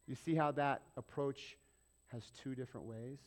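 A man's voice: medium pitch, steady tone, normal speed. A middle-aged male pastor preaching a sermon in a conversational way, firing off rhetorical questions and acting out little exchanges.

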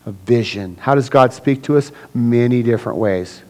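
A man's voice: moderate pace, rough recording. A man preaching to his church in a conversational way, often acting out little scenes with other people's voices. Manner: conversational preaching, acts out voices of people with big swings in pitch and loudness. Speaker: pastor. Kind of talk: sermon.

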